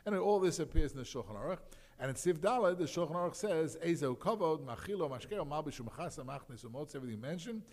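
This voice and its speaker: A man delivers a rapid, animated Torah lecture, stumbling through fillers and acting out the lines he quotes. His voice sits a little high and is carried by the long reverb of a big hall. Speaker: rabbi teaching a class.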